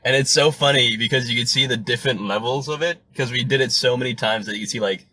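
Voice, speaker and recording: A man's voice: mid-range voice, fast, bright, forceful tone. A young man co-hosting a podcast in casual chat, laid-back and laughing often. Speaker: podcast co-host.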